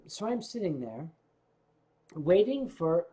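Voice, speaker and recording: A man's voice: a little high, big pitch swings, takes it slowly, dark tone. An older man, a vlog host, telling rambling anecdotes in casual storytelling style with asides to his viewers.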